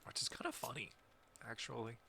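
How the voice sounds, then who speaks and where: A man's voice: medium pitch, sing-song, brisk, vocal fry, pushed and bright, a little hiss or hum. A man streaming a game with casual, jokey commentary, chatting and laughing often.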